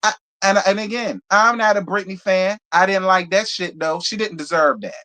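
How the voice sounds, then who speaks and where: A channel host delivering a live review as a fiery rant, swearing freely and repeating lines over and over for emphasis. The voice sits mid-range in pitch, and the delivery stays blunt and worked up. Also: normal speed, sharp tone. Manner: blunt, profane, heated, repeats points for emphasis.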